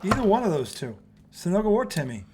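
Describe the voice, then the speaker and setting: A man hosting a sports talk show, telling stories in an animated, profane way and acting out quotes. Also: high-pitched, fast, slight background noise. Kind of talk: casual sports debate.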